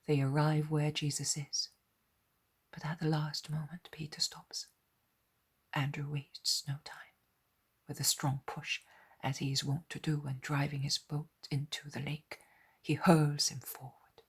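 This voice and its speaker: A woman reader narrating a devotional audiobook in a soft, measured unvoiced whisper. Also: deep voice, level tone, husky.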